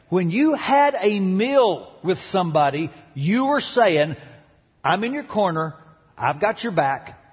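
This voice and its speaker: A man preaching a sermon in a dramatic style, with big swings in pitch and loudness, recorded in a large church auditorium. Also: breathy edge. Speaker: pastor. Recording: dull sound in a large reverberant hall.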